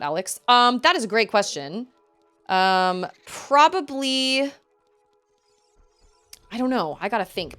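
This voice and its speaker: A young woman talks her way through a live game stream, her voice swinging lively up and down as she rambles between the game and her chat. Faint game music plays underneath her. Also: medium pitch. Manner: chatty and rambling, reacting to the game and chat aloud. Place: at home.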